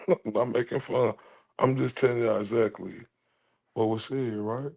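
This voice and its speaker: A man's voice: medium pitch, fairly even intonation, a little slow, creaky, pauses often, a little mellow. A man giving casual commentary, chuckling between phrases and often repeating himself. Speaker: commentary vlogger.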